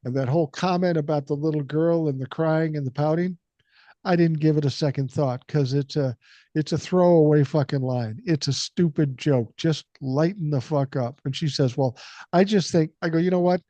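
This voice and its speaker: Older guy with a cold, blunt and cussing, kinda higher voice, podcast host. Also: normal speed, dark tone, no echo, highs cut off. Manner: blunt, profane, storytelling. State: has a cold. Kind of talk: casual podcast chat.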